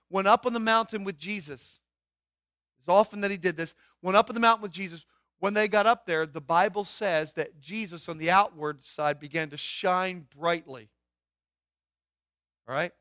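A man preaching a sermon, asking his listeners questions and swinging from loud outbursts to hushed asides. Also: high voice, dry recording, studio quality. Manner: asks the congregation questions. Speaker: pastor.

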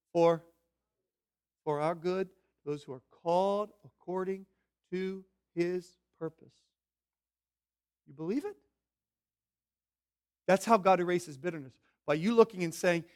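A man with a notably high speaking voice preaches a sermon from the pulpit. He swings between loud, pressing emphasis and hushed asides, sometimes drifting away from the mic. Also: measured pace, vocal fry, pauses often. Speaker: pastor.

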